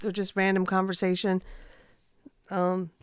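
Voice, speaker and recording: A young adult woman hosting a podcast, chatting casually and making her points emphatically, quickening as she argues. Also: medium pitch, monotone, smooth, no room sound, clean studio sound. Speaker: podcast host. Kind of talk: casual chat.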